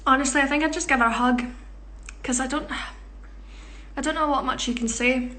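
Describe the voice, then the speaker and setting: A woman's voice: high voice, fairly even intonation, brisk, pushed and bright, a little hiss or hum. A young woman, a musical theatre performer, chatting casually in a social media Q&A on a phone, giggly and self-deprecating. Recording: echoey room.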